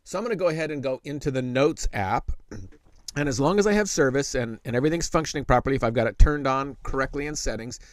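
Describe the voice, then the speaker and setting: A middle-aged man walks viewers through a tech tip in a relaxed, conversational way, with plenty of fillers and restarts. His voice sits at an ordinary middle pitch. The recording is dry and close, with no room sound. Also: dry recording. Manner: slows to speak very deliberately when dictating. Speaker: tech tutor host. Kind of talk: casual tech tutorial.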